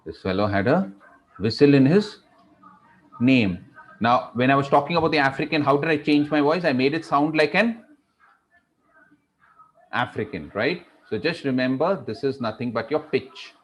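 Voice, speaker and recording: A middle-aged man teaching public speaking in a classroom, shifting his pace and pitch to demonstrate. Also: normal speed, pauses often. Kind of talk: classroom lecture.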